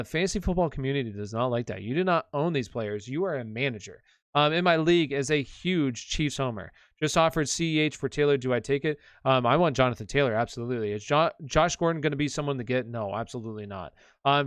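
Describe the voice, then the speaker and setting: A young man hosts a live question-and-answer stream, talking loosely and rambling with plenty of fillers. His voice is smooth and clear, with a mid-range pitch. The sound is dry and close to the mic. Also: lively intonation, brisk, dry recording. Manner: casual, rambling, many fillers. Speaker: fantasy football livestream host. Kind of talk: live Q&A stream, casual chat.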